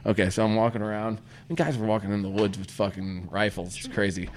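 A man's voice: on the low side, fast. A man hosting a podcast, telling a rambling camping story in casual, profane chat and acting out his own lines. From Missouri. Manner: profane, animated, acts out his own voice in quotes. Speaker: podcast host.

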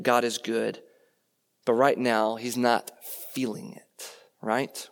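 A preacher gives a sermon in a chatty, conversational way, his creaky voice at an ordinary middle pitch for a man. He keeps checking in with listeners through rhetorical questions and frequent quick "right?" tags.

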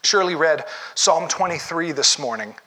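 A man delivering a sermon in a bright, forceful voice that sits a little higher than most men's. He keeps it conversational, asking the congregation rhetorical questions and often restarting his words mid-thought. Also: lively intonation, moderate pace. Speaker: pastor.

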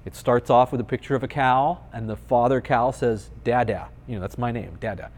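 Male pastor, thirties, relaxed sermon, dry jokes, medium pitch. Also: fairly quick. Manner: conversational and playful, with dry humor.

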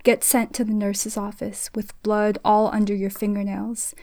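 A woman reading a literary short story aloud in a soft, hushed voice that sometimes drops to a whisper. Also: mid-range voice, little pitch movement, moderate pace, hardly any pauses, dry recording. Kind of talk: literary reading in second person.

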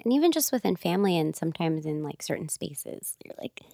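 A woman's voice: deep voice, very animated, a little fast, creaky, warm tone, no echo, clean studio sound. A woman from Los Angeles, raised bilingual, speaking reflectively in a casual conversation. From Los Angeles, United States. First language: Spanish and English. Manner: reflective, thoughtful, with frequent fillers.

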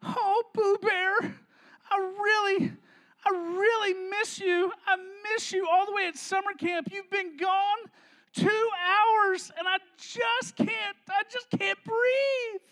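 A man's voice: very high-pitched, fairly even intonation, takes it slowly, sharp tone, voice pushed up, full character voice. A man doing a weepy, clingy girlfriend. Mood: sobbing. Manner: whiny, sobbing, melodramatic. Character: needy young woman girlfriend, clingy, weepy.

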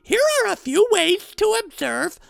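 A squeaky, excitable little boy. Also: a little slow, dry recording, exaggerated voice. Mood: enthusiastic. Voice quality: high squeaky voice with a gravelly edge. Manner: chatty and dramatic. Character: excitable young cartoonish boy. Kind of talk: children's podcast puppet role.

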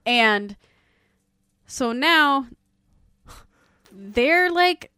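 Animated woman recapping a show. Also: very slow, clean tone, dry recording, clean studio sound. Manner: animated, acts out characters' lines with big jumps in pitch. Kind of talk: casual chat.

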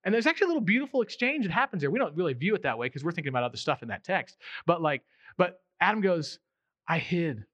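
A man with a bright, forceful voice preaches in a loose, conversational way. His pitch sits a little high for a man, and the sound is dry and close. He acts out the quotes he tells in their own voices. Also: sing-song, rapid-fire, dry recording, highs cut off. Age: 30s to 40s. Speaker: pastor. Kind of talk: sermon.

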